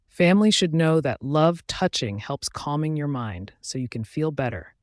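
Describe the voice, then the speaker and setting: A man's voice: on the high side, expressive, moderate pace, no echo, clean studio sound, lightly acted. A man voicing an earnest young bride. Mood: insistent. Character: earnest young woman, a new bride, tender.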